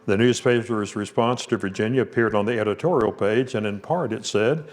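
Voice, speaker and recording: A man hosting, asking questions and reading a passage aloud in a measured, even way. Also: on the low side, faint music behind. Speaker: host.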